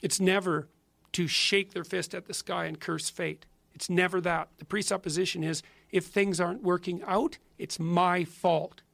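A man's voice: sits high, steady tone, normal speed, vocal fry, fairly bright tone, no echo. A man with a Canadian accent answering an interview question in an earnest, emphatic way, often repeating himself. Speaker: psychologist in an interview clip.

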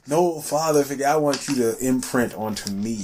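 A man's voice: medium pitch, moderate pace, darkish tone, slight background noise. A man in casual chat, telling stories loosely and profanely and mimicking other people.

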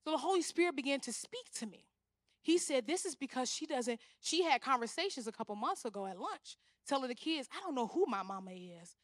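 A young woman preaching a sermon, animated, often acting out the voices she quotes. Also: high-pitched, a little fast, no room sound, studio quality. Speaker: guest speaker.

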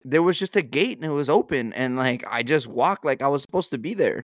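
A young man on a casual podcast, telling stories in a relaxed, laid-back way and swearing freely. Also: mid-range voice, brisk, dry recording. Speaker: podcast co-host. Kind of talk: casual chat.

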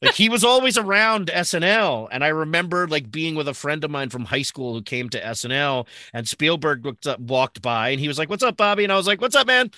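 A man in his forties chats as a guest in a casual interview, voice bright and swinging up and down as he gets excited. He laughs often and stumbles over restarts. The sound is dry and close. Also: on the high side, brisk, hardly any pauses, no room sound.

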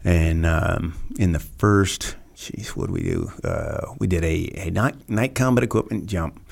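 Low gravelly man telling stories. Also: a little slow. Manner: relaxed anecdotes with quoted voices and many fillers. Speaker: podcast guest, former Navy SEAL. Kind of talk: casual storytelling interview.

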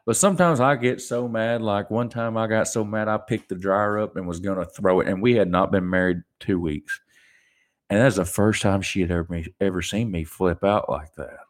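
A young adult man hosting a solo podcast, ranting animatedly and mocking people in put-on voices. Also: on the low side. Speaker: podcast host.

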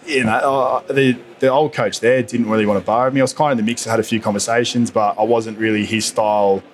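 A man's voice: fairly low pitch, fast, slight background noise. A man in his thirties with an Australian accent, a guest on a podcast chatting casually and telling stories with lots of fillers. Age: 30s. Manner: animated storyteller, lots of "mate" and fillers. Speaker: guest rugby player.

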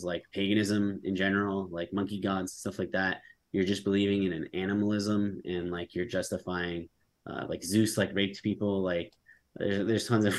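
Deep-voiced man rambling through his answer. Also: darkish tone. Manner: rambling, heavy on fillers like "like" and "um". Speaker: debater. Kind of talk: unprepared debate answer.

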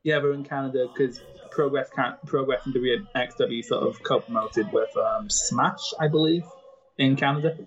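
A man's voice: mid-range voice, steady tone, moderate pace, muffled recording. A man co-hosting a casual watchalong podcast, chatty and knowledgeable, laughing often. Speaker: podcast co-host.

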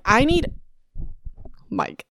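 A woman's voice: drawn-out words, bright, forceful tone, slight background noise. A woman hosting a podcast in casual chat, giggly and scattered, often breaking into laughter and restarting her sentences. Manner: scattered, self-interrupting, restarts. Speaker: podcast host. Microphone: desk mic close by.

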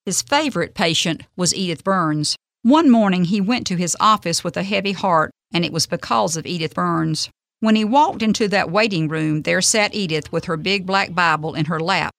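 A woman's voice: lowish voice, gravelly, dry recording, clean studio sound. Earnest woman telling a devotional story. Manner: earnest, gentle, measured reading. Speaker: radio devotional host.

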